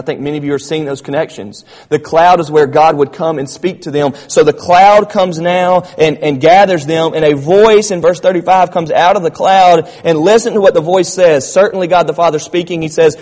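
A man's voice: fairly high pitch, darkish tone. A man preaching a sermon to his congregation, his emphasis building as he addresses them directly. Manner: preaching with rising emphasis, calls the congregation "church". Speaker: pastor. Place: church sanctuary. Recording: long church reverb.

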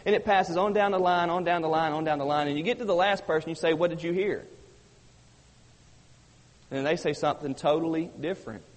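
Male pastor, mid-high voice, emphatic repetitive sermon delivery, long hall reverb. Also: fast talker, few pauses. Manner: emphatic preaching with heavy repetition.

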